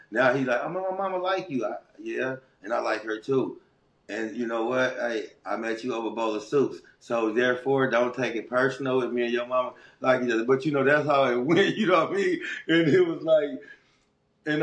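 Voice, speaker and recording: In an echoey room, a middle-aged Angeleno with a local accent talks through his life as an interview guest. He sounds casual, animated, streetwise and heartfelt, speaking at medium pitch and a little fast.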